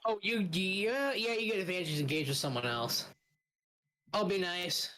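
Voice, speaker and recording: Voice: medium pitch, moderate pace, pushed and bright, poor audio. A dungeon master running a casual tabletop game, playful and laughing at the players' bad luck, breaking into monster growls.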